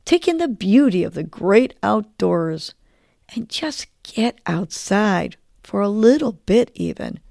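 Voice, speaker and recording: A woman's voice: medium pitch, gravelly, mellow, dry recording, studio quality. A woman hosting a podcast, guiding listeners through a breathing exercise in a soothing, encouraging way. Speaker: podcast host and breathing coach.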